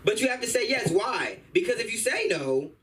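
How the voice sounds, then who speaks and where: A man's voice: sits high, big pitch swings, moderate pace, fairly bright tone. A male stand-up comic at an open mic, telling rambling, slangy stories in a loose, casual way. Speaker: stand-up comedian. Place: comedy club open mic. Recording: distant room mic with faint hum.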